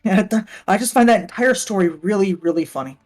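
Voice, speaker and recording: A man with a high voice rambles through a casual story on a stream voice call, full of fillers and cursing. Faint music plays underneath. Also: quick pace. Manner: rambling, with frequent fillers and swearing. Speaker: guest on a livestream. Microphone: voice call from a computer.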